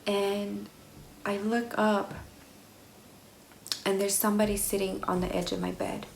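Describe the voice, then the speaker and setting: A young woman, casually telling a personal story to camera in an animated, slangy way. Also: medium pitch, a little slow, creaky, reverberant, slight background noise, rough recording. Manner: animated, swears freely, slangy. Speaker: vlogger.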